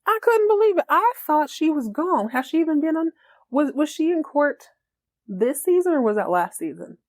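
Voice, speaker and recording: Animated woman doing a joking TV recap. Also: sits high, normal speed. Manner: animated, joking, laughs a lot. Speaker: podcast host. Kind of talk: comedic TV episode recap.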